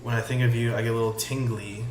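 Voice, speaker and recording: A man's voice: mid-range voice, fast. A man casually reading a chat log aloud and giving sarcastic, profane comments on it. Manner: sarcastic, swears, reads lines flatly. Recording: echoey room with faint music.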